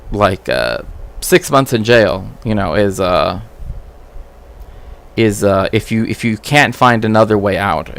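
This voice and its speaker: A man's voice: lowish voice, vocal fry, fairly bright tone. A man streaming casual commentary as a cultural historian, rambling with frequent "right?" tags and restarts.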